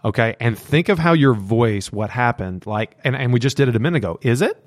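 A man's voice: medium pitch, expressive, a little fast, no echo. A man hosting a casual conversation, affable and agreeable as he recounts a training event. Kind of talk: casual chat.

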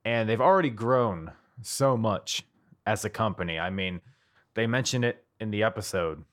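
A man's voice: on the low side, normal speed, a bit bright. An American man hosting a wrestling podcast in casual chat, tipsy, jokey and swearing. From United States. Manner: loose, swearing, jokey and rambling. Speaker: podcast host.

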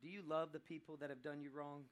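A man preaching a sermon, telling a story dramatically and swinging between loud and hushed passages. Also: a little high, flat delivery, quick pace.

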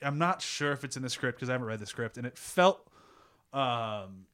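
A man hosting a casual movie podcast in a relaxed, laughing way. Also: mid-range voice, moderate pace. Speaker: podcast host. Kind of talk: casual film review chat.

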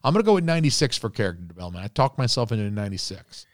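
Man, podcast co-host, casual movie review, animated, dry close mic. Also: very fast, no echo. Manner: animated, acts out quotes in pitched-up voices; rambling with restarts and profanity.

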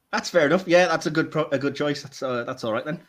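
A man's voice: fairly high pitch, fairly quick. A man hosting a casual podcast chat, joking and laughing often as he teases his co-hosts. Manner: jokey, laughs often, teasing. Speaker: podcast host.

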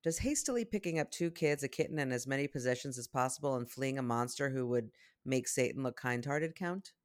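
Podcast co-host reading listener posts, playful and chatty, quick to laugh. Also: medium pitch, expressive. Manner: reads posts aloud, playful, laughs often. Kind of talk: casual chat.

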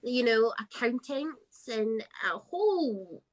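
A woman's voice: fairly high pitch, expressive, slow. A woman co-hosting a podcast, talking in an earnest, opinionated way. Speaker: podcast co-host. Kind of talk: casual chat.

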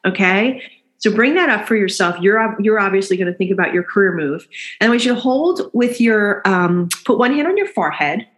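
A woman guiding a chakra tapping exercise in a gentle, instructive way, checking in with "okay?" as she leads. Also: medium pitch, animated, fairly quick. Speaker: energy healer guiding an exercise. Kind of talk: guided chakra tapping session.

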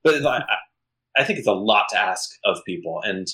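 With a fairly low yet bright, forceful voice, a male podcast co-host rambles casually, restarting sentences as he thinks. His intonation is lively and his pace moderate, on a low-quality recording.

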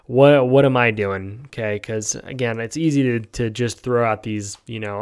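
This US podcast host talks at a moderate pace with few pauses, his medium-pitched voice sounding clean. He meanders through his views casually, leaning on fillers and a habitual "right?".

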